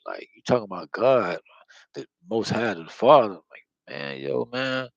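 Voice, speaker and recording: A man's voice: medium pitch, moderate pace, creaky, no room sound, poor audio. A man talking in a loose, slangy, profane monologue full of fillers, close to the mic. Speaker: spiritual vlogger. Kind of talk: casual rambling monologue.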